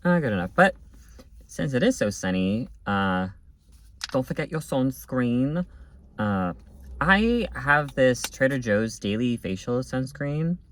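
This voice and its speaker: A man's voice: mid-range voice, sing-song, slow pace. A man chatting casually in a daily vlog, bubbly and often correcting himself, filming himself with a handheld camera outdoors and at home. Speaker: vlogger. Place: outdoors at a farmers market, then at home.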